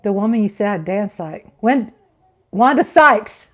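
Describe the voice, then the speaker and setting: Medium in pitch with lively intonation and a fairly bright tone, this woman in her fifties speaks a little slowly. As a livestream host, she casually reads chat comments aloud, giggling playfully and slipping in little sung riffs.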